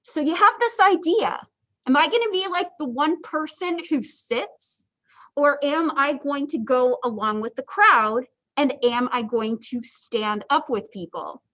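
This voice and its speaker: Chatty high-voiced woman lecturing. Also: animated, measured pace, a bit bright, poor audio. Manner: chatty, joking asides, lots of ums. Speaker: psychology instructor. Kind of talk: casual livestream lecture.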